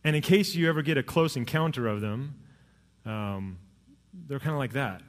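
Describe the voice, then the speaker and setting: A male pastor delivering a Sunday sermon, mid-range voice carrying through a church hall with a long reverb tail. He tells stories with emphatic swings, rising for punchlines and dropping low for solemn points. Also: normal speed. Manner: storytelling, lively pitch swings and emphatic rises.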